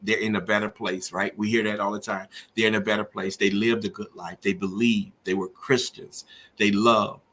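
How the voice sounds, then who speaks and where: Middle-aged guy doing a grief podcast, husky voice, earnest, preachy. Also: fairly low pitch, little pitch movement, normal speed, fairly bright tone. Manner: earnest, preacherly, rising with feeling. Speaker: podcast host. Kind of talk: emotional personal monologue.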